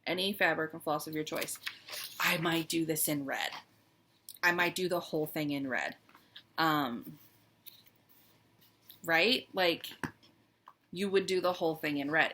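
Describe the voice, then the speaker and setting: A woman's voice: deep voice, measured pace, long pauses, sharp tone, a little hiss or hum. A woman chatting casually as she shows her stitching projects, fond and a little wistful, with frequent "um"s. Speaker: cross-stitch vlogger. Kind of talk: casual show-and-tell chat.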